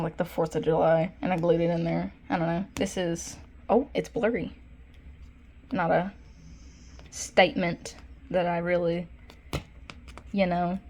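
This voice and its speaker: Rambling, giggly young woman. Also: on the low side. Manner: rambling, giggly, frequent fillers and self-corrections; excited bursts over favorite drawings. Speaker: art vlogger. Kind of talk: casual sketchbook tour.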